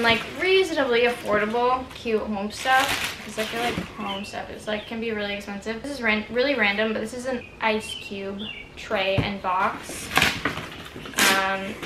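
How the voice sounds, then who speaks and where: A young woman in her twenties, talking casually through an apartment vlog. She rambles candidly and uses "like" constantly. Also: fairly high pitch. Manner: rambling, heavy use of "like", candid. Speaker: vlogger. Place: apartment, indoors. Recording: echoey room with background noise.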